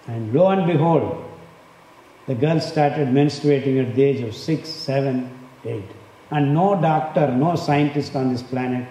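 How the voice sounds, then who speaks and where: A man's voice: medium pitch, mellow. Emphatic older man in echoing hall. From India. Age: 60s. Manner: emphatic, repeats words for effect. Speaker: speaker on diet and health. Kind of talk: impassioned talk. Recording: echoey hall, faint background noise.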